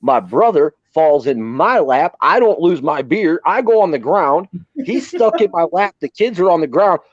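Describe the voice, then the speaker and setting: A man's voice: fairly high pitch, very animated, moderate pace, no echo, highs cut off. A man telling rowdy, profane stories on a live stream, acting out the quotes. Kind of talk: casual storytelling chat.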